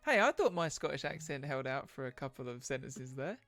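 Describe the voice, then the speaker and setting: A man's voice: mid-range voice, sing-song, fairly quick, music in the background. A man narrating a tabletop game livestream as game master, hesitant and self-deprecating, with lots of fillers.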